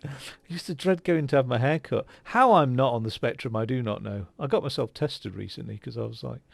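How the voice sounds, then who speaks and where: A man's voice: mid-range voice, fairly quick, gravelly, no room sound. A man giving casual, rambling commentary while playing a game, with lots of fillers and restarts. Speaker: gaming channel host. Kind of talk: casual let's-play commentary.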